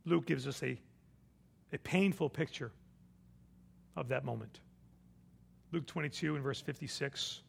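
A man preaching a sermon, telling the story with dramatic swings between hushed and loud delivery. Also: mid-range voice, unhurried, creaky, pauses often, slightly rough.

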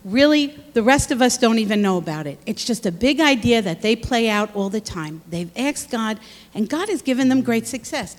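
A woman's voice: on the high side, animated, normal speed. A woman giving an earnest, encouraging testimony to a church congregation. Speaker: speaker at church. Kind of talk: sermon testimony. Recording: long hall reverb.

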